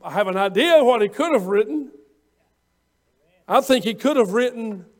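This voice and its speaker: A preacher man with an unusually high voice delivers a fervent sermon. He builds to shouts at the peaks and keeps the rhythm going with many drawn-out "uh" fillers. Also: lively intonation.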